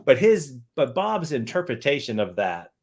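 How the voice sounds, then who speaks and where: A man's voice: medium pitch, big pitch swings, moderate pace. A man, an author, chatting casually on a livestream and often repeating words as he thinks.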